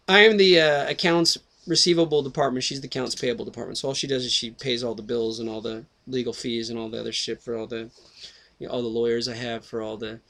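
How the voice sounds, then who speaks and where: A man's voice: medium pitch, a bit bright. Profane rambling man on a headset. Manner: swears constantly, tangents, self-interrupting. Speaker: video host.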